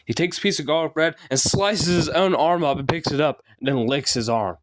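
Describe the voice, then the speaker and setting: A young man improvising a silly creepypasta story, rambling and correcting himself with jokes, his voice slightly hoarse. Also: a little high, a little fast, no echo. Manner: rambling, self-correcting, jokey. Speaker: narrator.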